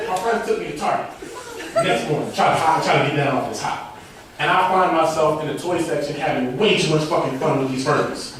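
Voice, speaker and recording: A man's voice: fairly high pitch, a little fast. A young man performing a stand-up comedy set, telling a loose story with slangy banter and frequent laughs. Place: stage at a student comedy show. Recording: echoey room from far off with noise.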